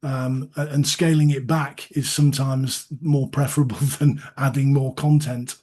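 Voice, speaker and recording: A man's voice: medium pitch, little pitch movement, a little mellow. A man talking as a guest panelist in a webinar discussion, often repeating words as he gathers his thoughts. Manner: halting, repeats words while thinking.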